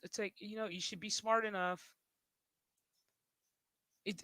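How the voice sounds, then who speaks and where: A man's voice: sits high, fairly even intonation, measured pace, long pauses, pushed and bright, dry recording. A man streaming who talks in a rambling, casual way, swearing and laughing often. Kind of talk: casual livestream chat.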